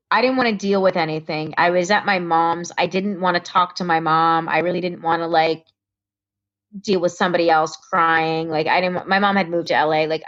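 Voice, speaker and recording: Animated woman telling a story. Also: fairly low pitch, dull audio. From Connecticut, US. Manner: animated storyteller acting out quoted voices. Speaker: comedian guest. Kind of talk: casual storytelling interview.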